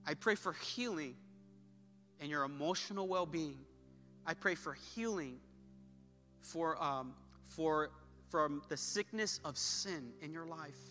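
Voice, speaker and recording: A male pastor preaching with a bright, forceful, somewhat high voice. His impassioned delivery rings through a church sanctuary with a long reverb, and soft music plays underneath. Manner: impassioned preaching, swelling louder in prayer. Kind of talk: sermon.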